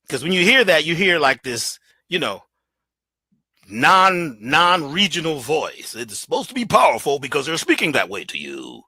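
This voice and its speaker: Preachy guy giving a pep talk, real bright tone, dry close sound. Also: on the high side, sing-song, normal speed, husky, no echo. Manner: preachy, emphatic, colloquial, plays with his voice. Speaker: guest speaker. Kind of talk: animated motivational talk.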